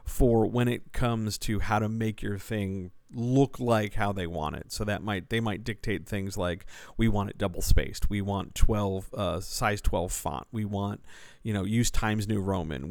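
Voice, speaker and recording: A man's voice: on the low side, unhurried, creaky, a little mellow, dry recording. A man who works as a writing coach and editor, answering listener questions in a casual podcast, talking things through with fillers and restarts. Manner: conversational, explanatory, with fillers and restarts.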